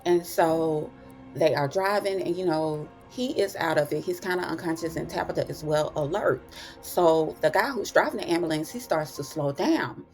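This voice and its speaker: A woman's voice: low-pitched, moderate pace, faint music behind. A woman host casually recapping TV episodes, chatty and folksy, calling listeners "honey" and "child".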